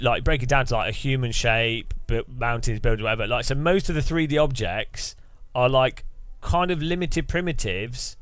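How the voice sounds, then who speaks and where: A man's voice: mid-range voice, fairly bright tone, dry recording. A British man chatting casually on a live stream, rambling through his thoughts with lots of restarts and fillers.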